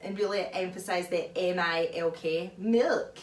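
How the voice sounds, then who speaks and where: A woman vlogger talking through advice in a chatty, animated way, often laughing, recorded at home. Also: fairly low pitch, moderate pace, a little hiss or hum. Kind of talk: casual advice talk. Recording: echoey room, mic far off.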